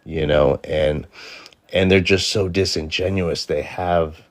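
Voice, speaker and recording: A man's voice: low voice, steady tone, slow pace. A man speaking at an open panel discussion, hesitant at first and searching for words, then pointed and critical.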